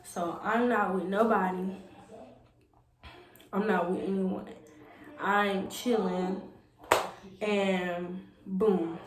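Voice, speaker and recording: Her voice is medium in pitch and a little mellow as this young vlogger spins a meandering story full of "like" and "you know." Faint noise and echo from the room come through on the recording.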